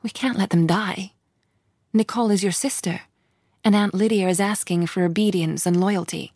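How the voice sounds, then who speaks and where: A woman's voice: mid-range voice, fairly even intonation, moderate pace, a little mellow, dry recording, studio quality, lightly acted. A woman voicing an earnest, frightened young woman who speaks in an urgent, pleading way.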